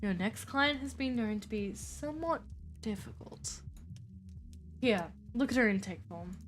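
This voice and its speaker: A woman voicing a calm, wise male mentor therapist who speaks in a measured, reassuring way. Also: mid-range voice, soft background music, natural voice.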